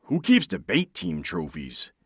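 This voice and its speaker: A man's voice: deep voice, wildly swooping pitch, measured pace, slightly rough, dry recording, clean studio sound, exaggerated voice. A male audiobook narrator voicing a teasing young adult brother who goads and jokes. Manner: teasing, goading.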